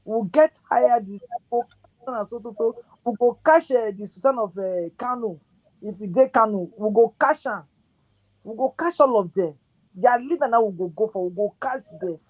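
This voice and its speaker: A woman with a Nigerian accent calling in to a show and talking in excited, repetitive Pidgin. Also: a little high, normal speed, no room sound, dull audio. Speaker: caller. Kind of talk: call-in chat.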